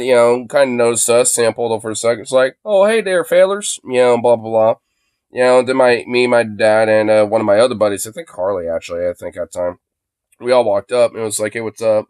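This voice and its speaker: A man's voice: mid-range voice, clean tone. A man ranting casually on a live stream into a phone, rambling with lots of fillers and swearing.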